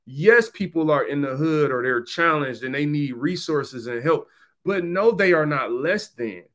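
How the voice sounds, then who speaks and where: A man's voice: on the high side, lively intonation, a little slow, a bit bright. A man hosting a podcast, talking straight to listeners in an emphatic, slangy monologue and repeating points for stress. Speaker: podcast host. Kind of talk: conversational monologue.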